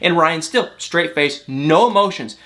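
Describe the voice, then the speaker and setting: Animated mocking man recapping reality TV. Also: on the high side, unhurried. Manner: animated, mocking, acts out quotes in exaggerated voices. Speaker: show recap host.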